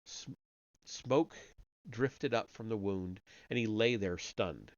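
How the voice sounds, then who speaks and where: Reading a story on a live stream, this man speaks slowly in a lowish voice, barely voicing the characters and occasionally slipping up and correcting himself. His home mic sounds dull and lo-fi, with no room sound.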